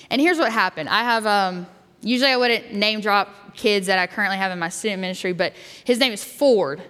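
A woman's voice: medium pitch, a bit bright. A woman youth pastor giving a sermon and telling a personal story in a candid way, with fillers and restarts. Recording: long hall reverb.

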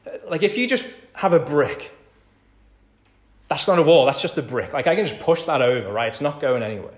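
A man's voice: on the high side, animated, brisk. Man preaching in an echoey church. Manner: conversational preaching, repeats key phrases, swings from hushed to loud. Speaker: pastor. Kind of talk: sermon. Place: church hall.

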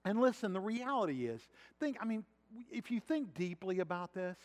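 A man delivers a sermon in a high voice, talking it through with his listeners and asking them questions. His words ring out with the long reverb of a big church sanctuary. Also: big pitch swings, normal speed, darkish tone. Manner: conversational preaching with rhetorical questions. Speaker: pastor.

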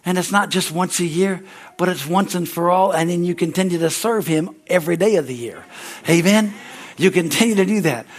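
A man's voice: sits high, brisk. A man preaching a fervent sermon at a church service, punctuating his lines with hallelujahs and amens. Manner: shouts excitedly when acting out a story. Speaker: pastor.

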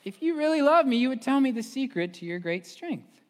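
A male pastor voicing a nagging, pleading young woman in a high, whiny falsetto. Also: sing-song, a little slow, long reverb tail, exaggerated voice.

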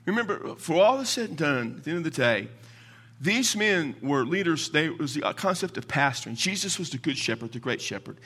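A middle-aged man preaching a sermon, expressive, moving from loud emphasis down to near whispers. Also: a little high, brisk, breathy edge.

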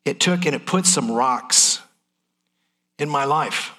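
A man's voice: mid-range voice, slow, sharp tone. A middle-aged man preaching a sermon in a folksy, candid, emotional way. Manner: folksy, transparent, emotional delivery.

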